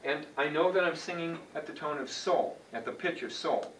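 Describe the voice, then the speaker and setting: A man's voice: fairly high pitch, moderate pace, fairly bright tone. A man teaching a chant class, explaining informally to students with restarts and asides. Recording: roomy sound from a distance, faint background noise.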